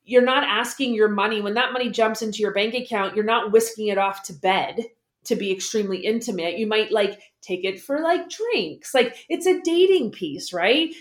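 A woman guest explaining money habits in a casual interview, lively and acting out the voices she quotes. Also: fairly high pitch, normal speed, echoey room. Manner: animated, acts out quoted voices.

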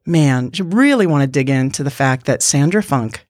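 A woman in her fifties co-hosting a podcast in casual chat, bubbly and quick to laugh. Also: extremely low pitch, dry recording, clean studio sound. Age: 50s. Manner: bubbly, laughs often, animated. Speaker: podcast co-host.

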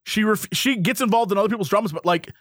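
A man's voice: high voice, quick pace, fairly bright tone, no echo, clean studio sound. A man co-hosting a casual chat, telling a story animatedly and laughing often. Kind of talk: casual chat recapping a reality show.

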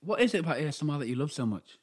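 A man's voice: on the high side, big pitch swings, rapid-fire, a little hiss or hum. A man in his twenties with a Yorkshire accent, co-hosting a casual podcast chat in a camp, sassy way with plenty of swearing. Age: 20s. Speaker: podcast co-host.

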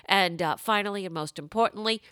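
A woman's voice: mid-range voice, brisk, fairly bright tone, smooth, no echo, studio quality. A woman hosting a comedy podcast, playful and laughing often as she jokes and slips into silly voices. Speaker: podcast host.

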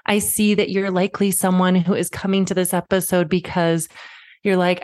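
A woman in her thirties hosting a parenting podcast, talking straight to the listener in a warm, reassuring way, like a friend. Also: lowish voice, little pitch movement, moderate pace, no echo, studio quality. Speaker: podcast host. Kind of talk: podcast monologue.

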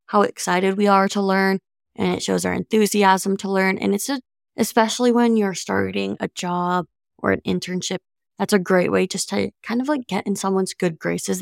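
A woman's voice: medium pitch, gravelly, no room sound, clean studio sound. A young woman in her twenties co-hosting a podcast, chatting casually in a sarcastic, self-mocking way. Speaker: podcast co-host.

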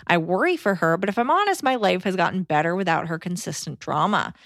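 A woman's voice: fairly low pitch, lively intonation, fast talker, fairly bright tone, no echo, studio quality. A woman co-hosting a casual chat, reading a listener's letter aloud in an earnest, conversational way.

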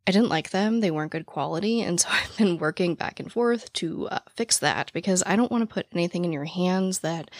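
A woman hosting a podcast after-show in casual chat, with a naturally raspy voice, talking very fast and out of breath. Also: lowish voice, no room sound, clean studio sound. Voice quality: naturally raspy voice with vocal fry. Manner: talks very fast, excited and rambling. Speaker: podcast host. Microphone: studio microphone, standing.

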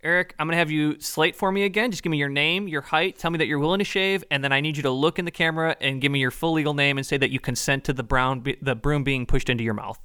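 Man playing a bright, fumbling casting director. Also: a little high, clean tone, no room sound, studio quality. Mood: soothing. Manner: halting, full of ums, soothing. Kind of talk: improvised comedy scene.

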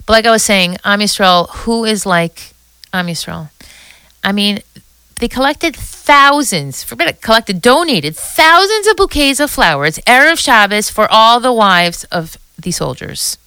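A middle-aged woman hosting a podcast, talking in an excited, emotional casual monologue full of restarts and asides. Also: mid-range voice, a little slow, clean tone, dry recording. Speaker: podcast host.

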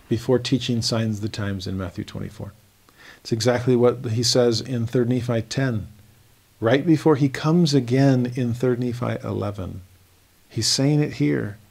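A man giving a devotional scripture lesson, reading verses slowly and earnestly and rising in emphasis as he explains them. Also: medium pitch, vocal fry, a little mellow. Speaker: scripture teacher.

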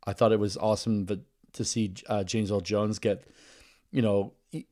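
A man's voice: fairly low pitch, flat delivery, normal speed, warm tone. A man hosting a podcast, chatting casually and enthusiastically, rambling with many restarts. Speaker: podcast host. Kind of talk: casual chat.

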